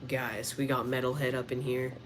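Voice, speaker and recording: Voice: medium pitch, flat delivery, normal speed. A streamer chatting casually on a livestream while playing with action figures, rambling and trailing off. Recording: noisy background.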